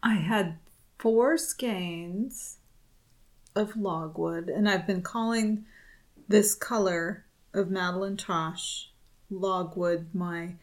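Unhurried woman co-host, chatty and laughing. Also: fairly low pitch. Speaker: podcast co-host. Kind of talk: casual chat.

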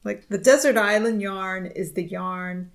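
A woman's voice: medium pitch, measured pace. A woman co-hosting a knitting podcast, telling a chatty story with frequent laughs. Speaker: podcast co-host. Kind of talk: casual chat.

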